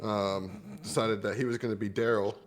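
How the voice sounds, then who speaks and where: A man's voice: lowish voice, level tone, moderate pace. A man narrating as game master of a tabletop game, loose, chatty and often laughing.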